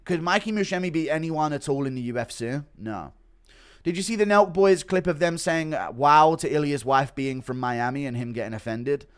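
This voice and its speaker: A man hosts a casual livestream, reading donations aloud and reacting in a blunt, swear-heavy way. He rambles, circling back with fillers and half-finished thoughts, at an everyday middle pitch. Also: normal speed, clean tone. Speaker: streamer reacting to MMA news.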